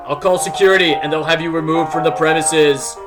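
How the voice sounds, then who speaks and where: A man's voice: on the high side, fairly even intonation, a little fast, music in the background, natural voice. A man voicing a bossy male cat staffer with a put-on Southern accent, scolding impatiently.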